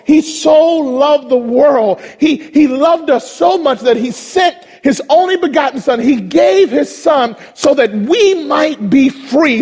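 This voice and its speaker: A man preaching a sermon, passionate and repetitive, building to shouts. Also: very high voice, husky, long reverb tail.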